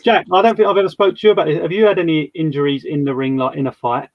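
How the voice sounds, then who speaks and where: A man's voice: on the high side, steady tone, very fast, dry recording. A man hosting a podcast, chatty, asking long wind-up questions. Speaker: podcast host. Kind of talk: casual interview chat. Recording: dull dry lo-fi sound.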